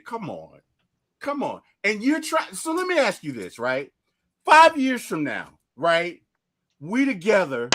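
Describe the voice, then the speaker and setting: A man co-hosts a casual film debate in a high voice. His pitch swings widely as he argues, laughs and exclaims. He acts out lines from the movie as he makes his points. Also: fairly bright tone, slight background noise. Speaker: co-host.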